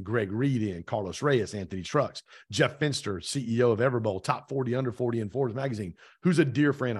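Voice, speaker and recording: A man's husky, slightly rough voice at a middle pitch, talking as a podcast guest. He tells his story with lots of energy and slips into the voices of the people he quotes. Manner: energetic, retells events with lively quoted dialogue. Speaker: podcast guest, real estate team owner. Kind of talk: animated storytelling in conversation.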